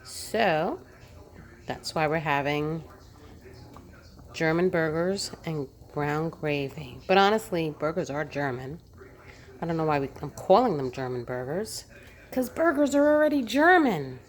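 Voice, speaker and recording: A woman's voice: sits low, unhurried. A woman vlogging in her home kitchen, chatting casually as she talks through each cooking step.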